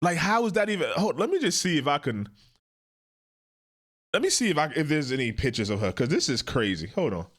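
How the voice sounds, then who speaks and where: Animated man reacting casually. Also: brisk. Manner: animated, jumps into high mocking impressions. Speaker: host. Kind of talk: casual commentary on a court video.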